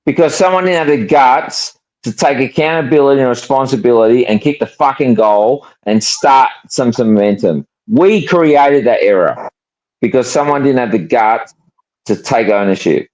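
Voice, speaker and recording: A man's voice: mid-range voice, normal speed, a little mellow, low-quality recording. An Australian man in a fan panel chat, blunt and swearing, hammering the same point over and over. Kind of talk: heated casual chat.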